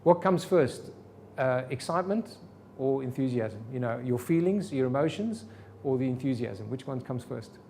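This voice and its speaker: Man giving an animated sales seminar. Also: medium pitch, moderate pace, a little hiss or hum. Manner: animated, rhetorical questions to the room. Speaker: sales trainer. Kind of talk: live seminar talk to an audience. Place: meeting room with audience.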